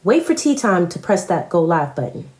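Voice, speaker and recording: A woman's voice: on the low side, big pitch swings, moderate pace, darkish tone. Confrontational woman ranting, echoey room. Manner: confrontational, profane, repetitive. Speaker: live-stream commentator. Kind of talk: heated live-stream rant.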